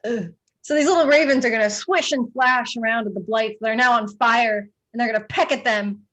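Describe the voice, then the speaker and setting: A woman acting as dungeon master for a tabletop game narrates in a slightly high, fairly bright voice. She talks fairly quickly, rambling with lots of fillers and giggling often.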